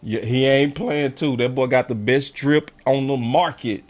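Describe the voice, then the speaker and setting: A man's voice: mid-range voice, fairly even intonation, a little slow. A man hosting a live call-in fan show, talking in a loose, slangy way and pressing viewers to hit like. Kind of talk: casual live-stream chat.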